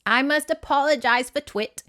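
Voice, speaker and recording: A woman's voice: high-pitched, moderate pace, fairly bright tone, pitched above the performer's own voice. A woman putting on a bustling mock-British great-aunt. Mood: apologetic. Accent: exaggerated mock British. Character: elderly great-aunt, tall, brisk and welcoming. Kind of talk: storybook read-aloud.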